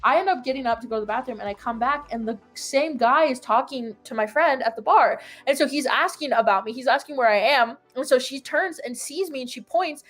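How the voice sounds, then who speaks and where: A woman's voice: sits high, brisk, hardly any pauses, soft background music. A young woman casually telling a long story, full of "like" fillers and acted-out quotes. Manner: rambling, filler-heavy "like", animated retelling. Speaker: host.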